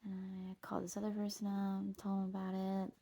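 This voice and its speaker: A woman's voice: mid-range voice, completely flat delivery, a little fast, mellow, breathy edge. A woman vlogging outdoors on a trail, telling a meandering personal story, swearing and laughing at herself.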